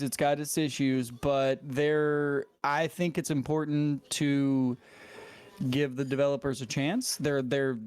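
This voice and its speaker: Give me a man guesting on a podcast, earnest and free-flowing, with a smooth, slightly high voice. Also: darkish tone. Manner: earnest, talks in a loose stream of thought. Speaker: podcast guest, game streamer. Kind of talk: casual podcast chat.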